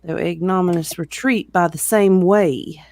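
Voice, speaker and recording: Expressive novel reader, middling pitch, dry close sound. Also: a little slow, no room sound. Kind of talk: reading a novel aloud with banter.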